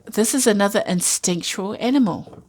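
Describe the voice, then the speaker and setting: A woman's voice: mid-range voice, moderate pace, a little mellow. A woman giving a casual intuitive tarot reading, musing aloud with many fillers and asides. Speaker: tarot reader.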